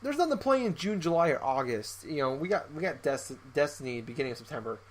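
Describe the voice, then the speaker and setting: A man's voice: a little high, fast talker. A young man co-hosting a casual podcast, joking and ranting, often repeating his words. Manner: animated, joking, repeats himself while ranting. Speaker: podcast co-host. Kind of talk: casual chat.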